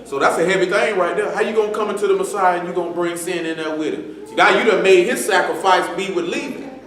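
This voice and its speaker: A man's voice: high-pitched, quick pace, fairly bright tone. A man preaching a sermon in loose street slang, joking and quoting people. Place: church assembly hall. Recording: echoey hall from far off.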